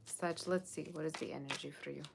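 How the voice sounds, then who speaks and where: A woman with a low, gravelly voice talks fairly quickly with fairly even intonation over heavy background noise. She's a tarot reader doing a chatty, rambling live reading, reading viewers' comments aloud and answering in a playful Halloween voice, often saying "okay?" and "like".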